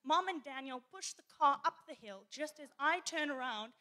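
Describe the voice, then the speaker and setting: A woman, a pastor's daughter, telling a story in church in an animated way and laughing often. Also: high voice, normal speed. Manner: animated, laughing as she tells it. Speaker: guest speaker, pastor's daughter.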